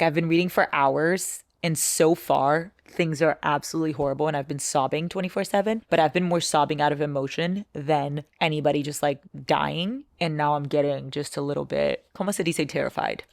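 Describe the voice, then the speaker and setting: A woman's voice: low voice, brisk, creaky, hardly any pauses. A young woman reading and gushing in a casual, emotional book vlog, swearing freely. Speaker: book vlogger.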